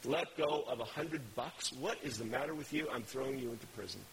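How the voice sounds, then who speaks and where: A man's voice: mid-range voice, brisk, fairly bright tone, big-room sound, a little hiss or hum, pitched below the performer's own voice, close to an everyday voice, rough recording. A man voicing a stern company boss scolding an employee. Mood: angry.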